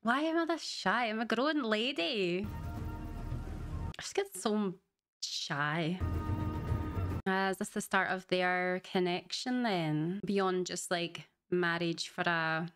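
A woman's voice: fairly low pitch, takes it slowly, over music. A woman hosting a reaction video, chatting casually and emotionally as she watches a show for the first time. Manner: chatty and emotional, often laughing and gushing.

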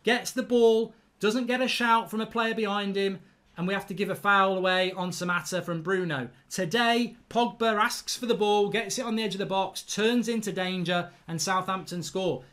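A man's voice: sits high, fairly even intonation, normal speed, a bit bright. A man hosting live football reaction commentary, ranting and swearing in exasperation at his team's play. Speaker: football fan channel host.

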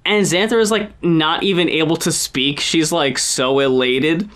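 A woman co-hosting a casual podcast, excitedly retelling a film scene and gushing over it. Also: low voice, unhurried. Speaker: podcast co-host. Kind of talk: casual chat.

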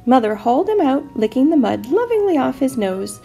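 A woman teacher reading a children's picture book aloud, expressive and animated. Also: a little high, fairly quick, vocal fry, few pauses, faint music behind.

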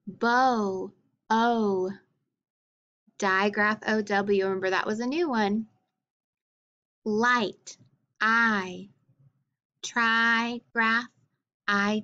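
This is a woman as a teacher running a phonics drill, her mid-pitched voice moving at a very slow, careful pace. She sounds out letters and combinations one at a time and follows each answer with steady praise. The recording is a little dull and muffled.

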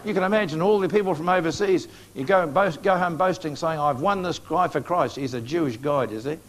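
A man's voice: a little high, a little fast. A man with a New Zealand accent preaching a sermon to a congregation, urging them earnestly and appealing to them directly. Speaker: evangelist preacher. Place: church meeting before a live congregation.

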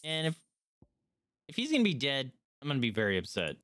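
A young man streaming a game at home on a desk mic, excitably commenting and cheering on his companion. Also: mid-range voice, brisk, no echo. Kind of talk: live gameplay commentary.

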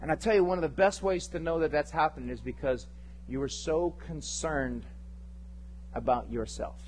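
A male pastor preaching a sermon with passion, swinging between loud emphatic lines and hushed, intimate ones. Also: fairly high pitch, moderate pace, slight background noise, rough recording. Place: church service.

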